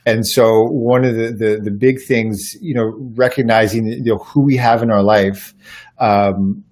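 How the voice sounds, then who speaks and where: A man's voice: on the low side, steady tone, measured pace, a little mellow. A man guest on a podcast interview, talking in an earnest, reflective way and telling stories, often restarting his sentences. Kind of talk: casual conversational interview.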